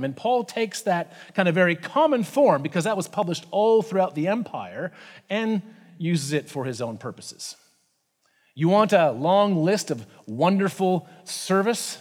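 A man preaching a sermon in a conversational, animated way, with frequent asides and fillers. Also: high voice, moderate pace. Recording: reverberant hall.

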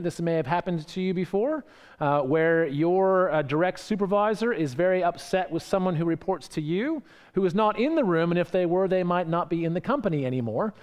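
A man delivers a sermon in a relaxed, conversational way, often tagging his points with quick questions to the congregation. His voice sits a little high for a man, and a long reverb hangs on every phrase, as in a large church hall. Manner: conversational, frequent "right?" tag questions. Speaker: preacher.

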